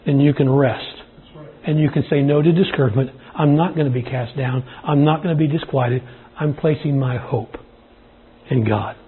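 A middle-aged pastor in a folksy, rambling sermon story that flows into a prayer, with many restarts. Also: male voice, a little high. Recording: tinny phone-like husky sound.

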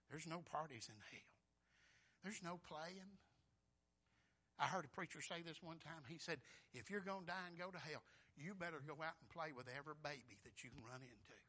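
A man preaching a sermon, swinging from loud pleading to hushed whispers, repeating words in a folksy way. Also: on the high side, normal speed.

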